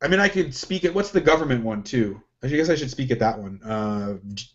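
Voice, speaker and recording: A man's voice: medium pitch, expressive, fairly quick. A man talking casually as a podcast co-host, rambling and questioning himself, with many restarts. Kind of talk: casual chat. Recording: lo-fi, dull sound.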